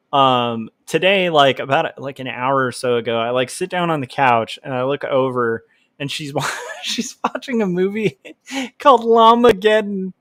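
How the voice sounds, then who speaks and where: A man's voice: mid-range voice, fairly bright tone, no echo. A man hosting a casual livestream, reading chat and rambling with lots of filler words. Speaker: livestream host, comic artist.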